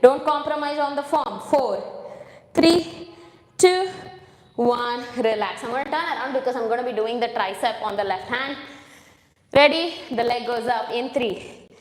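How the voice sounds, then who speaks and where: A fitness instructor leads a home workout class, counting reps and coaching form, and she's out of breath at times. Her voice is a little high, her pace measured, with long pauses. She's in a home room with a hard floor, and the recording is echoey with long reverb.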